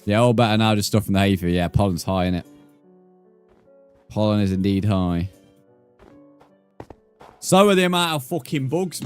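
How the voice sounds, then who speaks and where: Young male streamer, lowish voice, casual and sweary, faint music under him. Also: clear, resonant tone. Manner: swears freely, chats with viewers, says "mate" often. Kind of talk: casual gameplay livestream chat.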